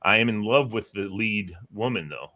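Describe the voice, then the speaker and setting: Bright-voiced man telling stories. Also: fairly low pitch, normal speed. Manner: animated storyteller who mimics voices and dialects. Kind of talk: casual chat.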